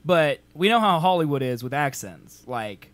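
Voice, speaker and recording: Young male co-host, bright tense tone, quick to laugh and tease. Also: fairly high pitch. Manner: laughing often, teasing, animated. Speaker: podcast co-host. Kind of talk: casual chat.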